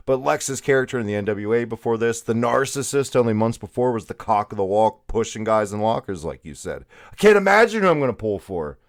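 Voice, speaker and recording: A man's voice: on the low side, no room sound, clean studio sound. A man hosting a casual podcast review, wry and self-mocking, swearing freely. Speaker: podcast host. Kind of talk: casual chat.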